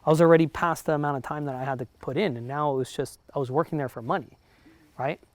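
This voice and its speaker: Speaking fast in a voice on the high side, a New Jersey broker coaches realtors in a live motivational session. He's chatty and keeps checking in with the room, and the recording is dry.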